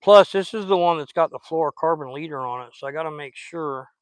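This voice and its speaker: Brisk and on the high side, a Southern-accented fishing vlogger talks in a rambling, folksy manner while he fishes a river outdoors. The recording is rough, with no room sound.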